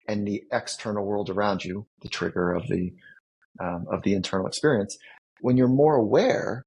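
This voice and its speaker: A man's voice: fairly low pitch, darkish tone, breathy edge, low-quality recording. A man, a psychologist guest on a podcast, explaining ideas in a teacherly way and building his points with vivid everyday examples. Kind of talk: explaining concepts in a podcast interview.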